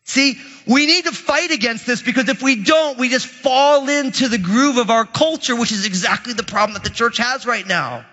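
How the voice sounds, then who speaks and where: Pastor, male, high voice, energetic humorous sermon, big church reverb. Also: moderate pace, hardly any pauses. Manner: energetic, humorous, conversational preaching. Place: church sanctuary. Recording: muffled audio with long hall reverb.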